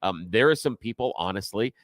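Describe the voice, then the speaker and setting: A man with a fairly low voice, explaining things steadily as a guest on talk radio. The sound is dry and close, as in a studio. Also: expressive, fairly quick, fairly bright tone, dry recording.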